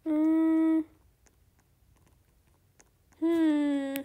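A woman hosting a casual gaming video, chatty and excitable, politely turning down trade offers as she plays. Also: extremely high pitch, extremely slow. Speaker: gaming channel host. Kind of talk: casual gameplay commentary.

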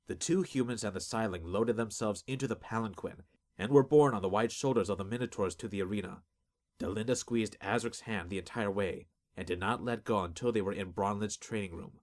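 Low-voiced man narrating a fantasy audiobook. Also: a little fast, darkish tone. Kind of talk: scripted narration.

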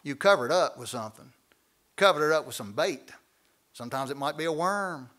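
High-voiced preacher teaching with energy. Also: male voice, a little fast. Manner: animated preaching with folksy asides and acted quotes. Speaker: pastor. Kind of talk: Bible study teaching. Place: church.

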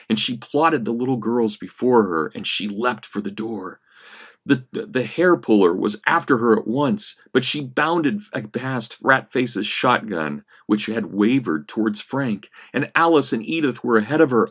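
Man reading a story with drama. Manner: expressive reading, rising for action and dropping low for menace. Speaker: history professor.

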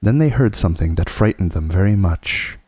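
A man reading a classic children's book aloud as a calm, soothing sleep story. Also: sits low, brisk, breathy edge, no echo.

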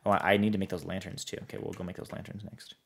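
Give me an easygoing man with a very low voice, chatting with viewers while he plays. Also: level tone, very fast, vocal fry, breathy edge. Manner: rambling, reads chat aloud, easygoing. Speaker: game streamer. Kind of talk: casual live-stream chat while playing.

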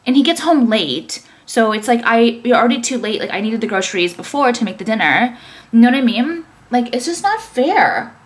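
A woman's voice: a little high, animated, brisk. A young woman talking casually to camera, ranting with many fillers and swearing. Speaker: vlogger and business owner.

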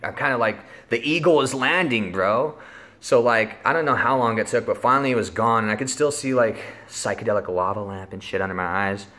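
A man's voice: fairly low pitch, brisk, bright, forceful tone. Rambling young man telling a story. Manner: rambling, lots of filler words and swearing. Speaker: vlogger. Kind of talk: casual storytelling.

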